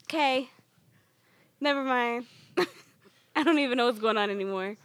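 A woman joins a casual podcast chat as a guest and speaks frankly, often losing the thread. Her voice sits a bit high. The sound is close and dry. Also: unhurried, no echo.

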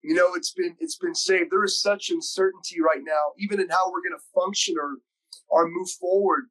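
A high-voiced man hosts the conversation and tells his story openly. His delivery is earnest and emotional, speeding up in eager bursts. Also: fairly even intonation, a bit bright, rough recording. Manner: earnest, emotional, quick bursts when recounting. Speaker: podcast host and school preacher.

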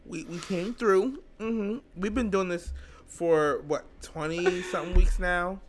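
Playful higher-voiced man co-host. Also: unhurried, soft background music. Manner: playful, teasing, hypes up listeners. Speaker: podcast co-host. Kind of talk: casual chat.

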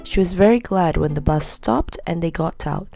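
A woman reads a children's storybook aloud in a gentle, measured way. Her voice sits fairly low, with a gravelly rasp at the edges of her phrases. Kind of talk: storybook reading.

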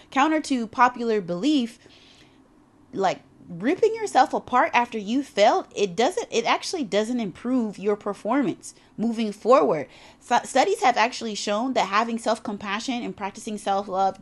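A woman giving a motivational talk on self-love, emphatic and conversational, with casual asides and repetition for emphasis. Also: mid-range voice. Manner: emphatic, conversational, drops into animated character voices for retold quotes. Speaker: self-help speaker.

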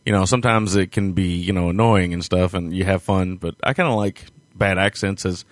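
A man's voice: deep voice, steady tone, fairly quick, dry recording. A man co-hosting a film podcast, talking casually with many hesitations and frequent laughs. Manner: rambling, hesitant, laughs often. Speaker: podcast co-host. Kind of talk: casual chat.

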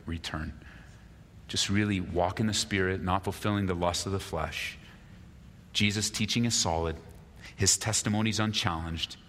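A male pastor preaching an animated sermon, acting out quarrels and asking the listeners questions. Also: low voice, a little hiss or hum. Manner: animated, acts out quarrels in lively voices. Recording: long hall reverb.

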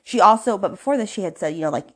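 A woman podcast host casually recaps a novel's plot, packing in "like" and "you know" and tossing off indignant asides. Her medium-pitched voice is animated and breathy-edged, and she races along.

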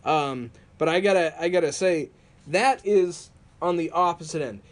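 Storytelling man, slightly high voice. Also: normal speed. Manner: storytelling, animated, laughs often. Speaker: podcast co-host. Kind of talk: casual wrestling chat.

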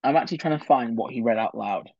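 A man's voice: mid-range voice, quick pace, vocal fry, darkish tone, no room sound, muffled recording. Chatty man, solo podcast host. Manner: digressive, chatty, opinionated asides. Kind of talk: solo political history podcast.

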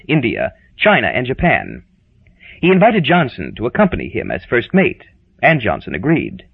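A man with a husky, gravelly voice narrating an audiobook in a wry, measured way. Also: mid-range voice, dry recording. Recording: dull lo-fi dry audio.

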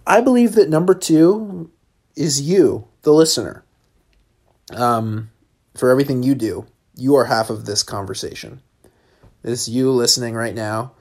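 A man's voice: medium pitch, darkish tone. Brief: man in a middle register, riffing alone into a phone voice memo, dry and self-deprecating. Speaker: podcast guest doing a solo episode. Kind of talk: rambling comic monologue.

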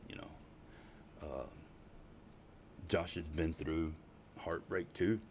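A man's voice: extremely low pitch, fairly even intonation, slow pace, darkish tone, a little hiss or hum. A middle-aged man telling casual, profane stories, rambling and laughing often. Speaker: storyteller. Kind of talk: casual spoken storytelling.

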